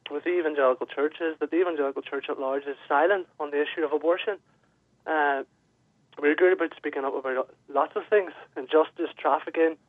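A man's voice: a little high, no echo. A man with a Northern Irish accent calling into a radio show, earnest and hesitant with many fillers. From Northern Ireland. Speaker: caller. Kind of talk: radio call-in. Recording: tinny phone line.

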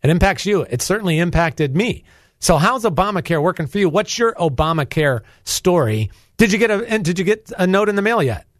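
A charged-up man from North Carolina delivers a Christian talk radio monologue, preachy and emphatic. His voice sits a bit high for a man. The sound is dry and close, with no room around it. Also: animated, brisk, dry recording. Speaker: guest radio host. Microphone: studio microphone.

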